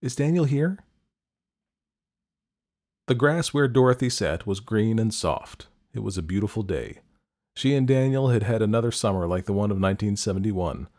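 Low-voiced man narrating a story. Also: lively intonation, a little fast, darkish tone. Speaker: podcast host and story narrator.

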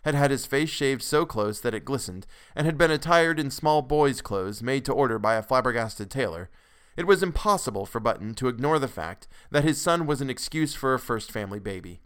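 A man narrating a classic story as a podcast host, in a measured, expressive way. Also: medium pitch, smooth. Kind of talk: dramatic storytelling reading.

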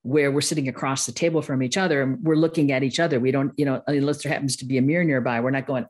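A woman's voice: rumbling low, normal speed, pauses often, darkish tone, slightly rough. A woman from the US Midwest with a Midwestern accent, a guest expert in casual, self-deprecating interview chat who laughs often. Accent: Midwestern American. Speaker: guest, course-creation expert.

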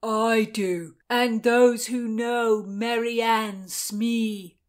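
A woman voicing a dazed, lovestruck male jailer who speaks slowly and breathily, drifting into whispers. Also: on the high side, steady tone, voice pushed up. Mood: dreamy.

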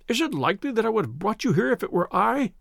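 A man voicing a terrified little man who pleads in a high, querulous voice. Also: sing-song, quick pace, vocal fry, fairly bright tone, no room sound, clean studio sound, full character voice. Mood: panicked. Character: frantic fearful little man, shrill and pleading.

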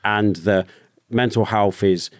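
A British man, a former soldier, telling a personal story openly in a podcast conversation, with halting restarts. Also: lowish voice, fairly even intonation, no echo, studio quality. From Britain. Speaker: guest, ex-soldier.

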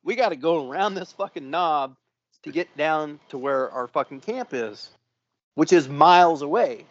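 Profane, animated male storyteller. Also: on the high side, normal speed, dry recording, dull audio. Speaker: podcast co-host. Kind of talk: casual storytelling.

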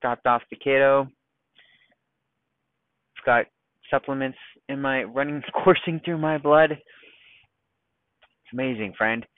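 Male podcast host, mid-pitched, rambling and self-mocking, deliberately calm delivery; dry, tinny phone-like recording. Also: no echo. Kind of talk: casual solo podcast monologue. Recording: dry, thin phone-like sound.

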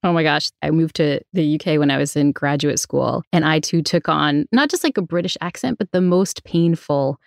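Woman, podcast host, animated storyteller, lowish voice, dry close mic. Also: normal speed, creaky, few pauses, dry recording. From New Bedford, Massachusetts. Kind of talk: casual conversational podcast.

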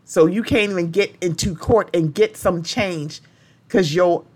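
A woman speaks alone on her podcast in a slightly low voice. She is impassioned and blunt, and she swears freely. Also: a little slow, a little mellow, slightly rough. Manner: impassioned and blunt, with strong language. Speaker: podcast host. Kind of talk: solo podcast monologue.

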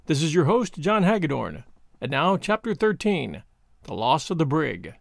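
Male audiobook host, gravelly texture, slightly higher voice, dry close sound, steady expressive reading. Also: normal speed, no echo. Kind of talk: audiobook narration.

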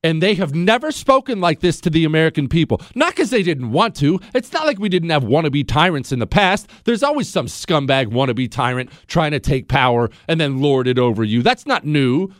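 A man hosting a talk radio show, indignant and swinging between loud outbursts and low mutters into a studio microphone. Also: very animated, a little fast, few pauses, no echo.

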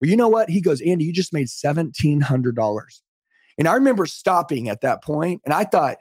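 Fired-up middle-aged guy on a podcast call, rapid fire talk, dry close sound. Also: fairly high pitch, big pitch swings, darkish tone, slightly rough, no room sound. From United States. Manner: fervent, motivational, emphatic. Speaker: podcast guest, sales trainer. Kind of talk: energetic storytelling on a podcast call. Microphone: remote call.

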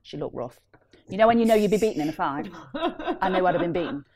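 A woman telling an animated, laughing story as a deal packager on a casual property panel. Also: on the low side, quick pace. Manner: animated, laughing, acts out voices in her story.

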